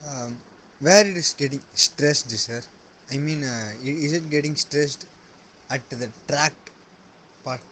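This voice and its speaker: A man's voice: on the high side, measured pace, fairly bright tone, a little hiss or hum, poor audio. Polite, hesitant male student. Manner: polite and hesitant, addresses teacher as sir. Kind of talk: classroom question.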